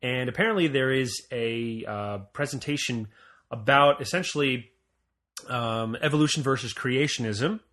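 A man from Montreal co-hosting a casual podcast, telling stories with jokes and lively asides. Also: medium pitch, normal speed. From Montreal, Canada. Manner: joking, animated storytelling. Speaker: podcast co-host.

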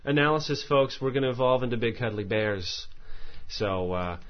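Here a man hosts a podcast in a medium-pitched, expressive voice at a moderate pace, and the audio sounds dull. He talks casually and reads out listener letters in a meandering, self-deprecating style, frequently stumbling over his words.

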